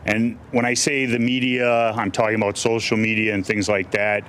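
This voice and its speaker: Man, middle-aged, defense attorney, low-pitched, blunt, candid, faint noise behind. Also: little pitch movement, normal speed, fairly bright tone. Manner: blunt, candid, frequent restarts and fillers. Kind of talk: press conference answers.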